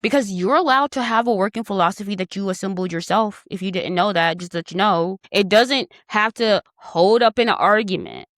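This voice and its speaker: A young woman talks through astrology in a casual, chatty way, teasing her listeners and drifting into affectionate asides. Her voice sits at a middle pitch and sounds close and dry, with no room around it. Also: brisk, few pauses, a bit bright, no room sound. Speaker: astrology host. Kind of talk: casual spoken astrology talk.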